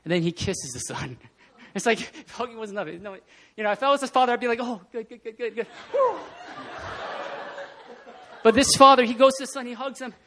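High-voiced animated male pastor. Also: quick pace, hardly any pauses. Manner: animated, laughing, acting out scenes. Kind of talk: casual sermon. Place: church hall.

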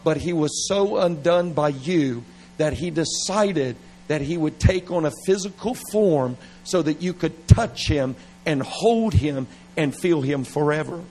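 A middle-aged man preaching at a revival service, animated and playful, with laughing asides. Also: fairly high pitch, a little slow, few pauses, slight background noise, poor audio. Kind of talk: revival sermon.

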